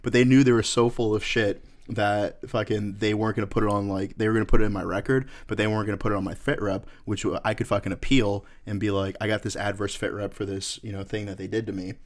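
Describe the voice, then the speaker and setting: Young man, low voice, rapid talker, crude anecdotes, casual chat. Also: level tone. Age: young adult. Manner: fast profane anecdotes. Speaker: podcast co-host.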